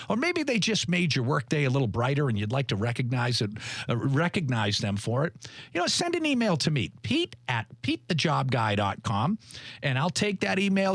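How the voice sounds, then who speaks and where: A man in his fifties hosting a radio show, chatty and quick to laugh. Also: mid-range voice, a bit bright, no echo, studio quality. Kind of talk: casual radio talk. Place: radio studio.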